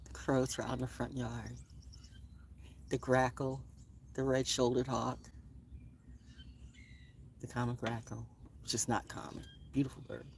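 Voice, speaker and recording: A woman's voice: a bass voice, little pitch movement, measured pace, creaky, long pauses, slight background noise. A woman vlogging on a morning nature walk, playfully musing aloud about birds and astrology, recorded outdoors on a handheld phone. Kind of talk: casual rambling morning talk on a nature walk. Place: outdoors in a front yard. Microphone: phone held in hand.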